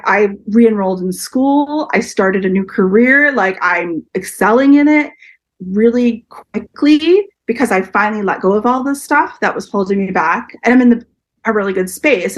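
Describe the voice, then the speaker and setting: A woman in her forties candidly sharing a personal story in an interview, often acting out what others said. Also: medium pitch. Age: 40s. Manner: open, emotional, quotes others in lively voices. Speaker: podcast guest.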